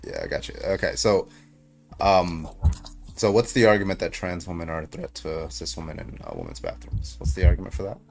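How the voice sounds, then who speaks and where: A man's voice: low voice, animated, fairly quick, gravelly, soft background music. A tired man hosting a debate livestream, chatting casually, laughing and swearing often. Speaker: debate stream host.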